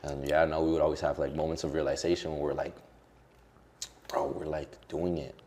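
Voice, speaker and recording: A man's voice: extremely low pitch, flat delivery, brisk, warm tone, slight background noise. A young man, a social media creator, talking candidly and emotionally in an interview, with lots of casual fillers. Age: young adult.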